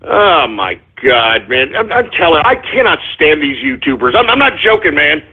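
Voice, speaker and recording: A man hosts his radio show in a fuming, profane rant that keeps circling back on itself. His voice sits high and comes out husky. The sound is thin and boxy, like a phone call. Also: sing-song, moderate pace. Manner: angry, profane, repetitive ranting. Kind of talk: ranting call-in radio monologue. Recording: muffled phone-line audio.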